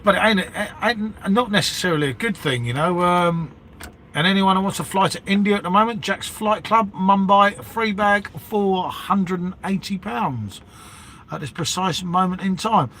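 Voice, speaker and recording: Rambling bloke saying mate. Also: male voice, high-pitched, normal speed, bright, forceful tone, slight background noise. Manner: matey, rambling, says "mate" and "innit" constantly. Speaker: livestream host chatting with viewers. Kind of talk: casual live-stream chat.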